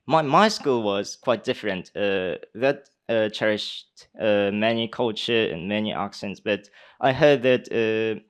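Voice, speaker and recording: Slow, halting young man. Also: fairly low pitch, clean tone. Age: young adult. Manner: halting, many pauses and fillers. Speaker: speech contestant answering judges. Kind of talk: live Q&A answers.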